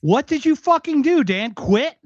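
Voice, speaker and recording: Man, podcast co-host, heated, mocking, profane, high voice, dry dull sound. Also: expressive, moderate pace, no echo. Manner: heated, mocking, swears constantly. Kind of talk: profane reaction commentary.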